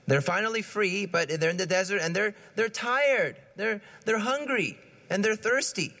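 A man's voice: high voice, moderate pace, pushed and bright. A man giving a conversational homily, asking his listeners questions and often repeating his words as he goes. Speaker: preacher.

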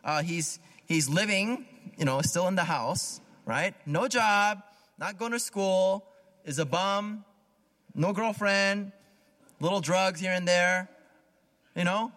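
A man's voice: high-pitched, slow, a bit bright. A man preaching a sermon in a casual, conversational way, often repeating words and asking "right?". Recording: long hall reverb.

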